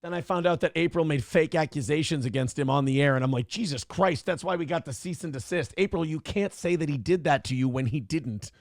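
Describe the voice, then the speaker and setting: A man hosting a casual talk show, telling stories in an animated way, swearing and acting out quotes with sudden jumps in his voice. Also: fairly high pitch, a little fast, few pauses, no room sound, clean studio sound. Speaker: podcast host. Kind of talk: casual storytelling chat.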